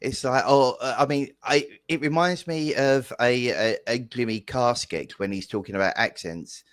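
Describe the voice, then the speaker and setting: A man co-hosting a gaming stream, talking in a relaxed, hesitant way with many restarts. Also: mid-range voice, normal speed, clear, resonant tone, no room sound. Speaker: guest host. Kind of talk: casual chat.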